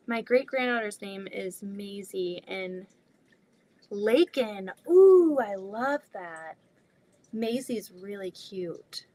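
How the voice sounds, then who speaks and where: A woman's voice: fairly high pitch, mellow. A young adult woman hosting a casual live sewing stream, chatting freely, reading viewer comments aloud and laughing easily.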